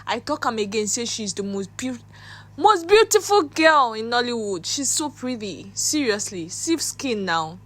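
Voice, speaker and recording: A Nigerian-accented woman runs a celebrity gossip channel and talks in a chatty, gushing flow, sliding between pidgin and English. Her voice sits a little high. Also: very animated, unhurried, fairly bright tone. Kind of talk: gossip commentary.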